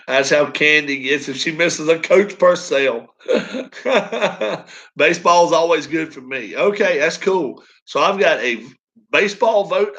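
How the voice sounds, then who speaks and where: A man's voice: on the high side, pushed and bright, poor audio. A man hosting a casual live stream, chatting with viewers and laughing often.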